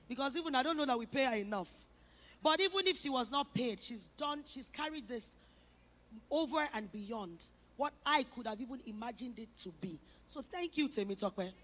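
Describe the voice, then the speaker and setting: A woman's voice: sits high, lively intonation, moderate pace, a bit bright. A woman giving an effusive, emotional thank-you speech on a conference stage, repeating herself as she calls her team up. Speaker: event founder and host.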